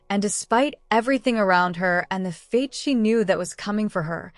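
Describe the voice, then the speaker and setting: A woman narrating a romance audiobook in the first person, reading in a measured, emotive way. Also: mid-range voice, smooth, no room sound, clean studio sound.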